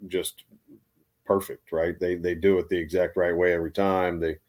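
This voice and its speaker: Low and level, a little mellow, at a moderate pace: that's how this US Army veteran sounds as he spins casual stories. He rambles, restarting often and leaning on fillers.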